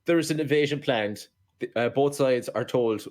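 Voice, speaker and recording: A man's voice: mid-range voice, moderate pace, darkish tone. A man, co-hosting a podcast, ranting and swearing in casual film chat. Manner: profane, ranting. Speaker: podcast co-host.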